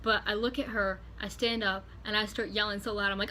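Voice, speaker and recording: A woman vlogger telling a storytime tale in a hotel room, animated and profane. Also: medium pitch, brisk, hardly any pauses, noisy background. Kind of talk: storytime vlog.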